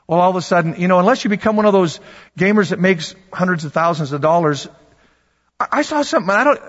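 A man with a high voice preaches to his congregation, animated and conversational, repeating phrases and tossing asides to listeners. His voice rings through a large hall with a long reverb, and the sound is somewhat dull. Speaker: pastor. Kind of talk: sermon.

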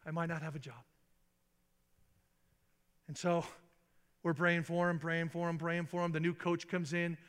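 Animated preacher in a reverberant hall. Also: male voice, measured pace, pauses often, clean tone. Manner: animated, acts out quotes with big pitch jumps. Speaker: pastor. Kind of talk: sermon storytelling. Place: church sanctuary. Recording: long reverb in a large hall.

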